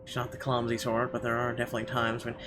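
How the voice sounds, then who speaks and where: A man playing a visual novel, reading its narration aloud expressively and breaking off into profane, yelling rants of his own. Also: mid-range voice, monotone, rapid-fire, noisy background. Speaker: let's player.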